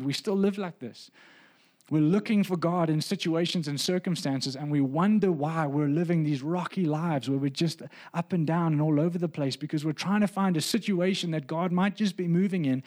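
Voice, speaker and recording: A man's voice: on the high side, darkish tone. Earnest man preaching a testimony sermon. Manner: earnest, builds to emphatic preaching. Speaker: pastor.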